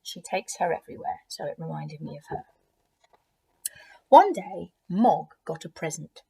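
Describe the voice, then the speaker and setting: Woman, teacher, storybook read-aloud, gentle, lively pitch, low mellow voice. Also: unhurried, gravelly, slightly rough. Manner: expressive, gentle, chatty asides to children. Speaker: primary school teacher reading aloud. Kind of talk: children's storybook reading.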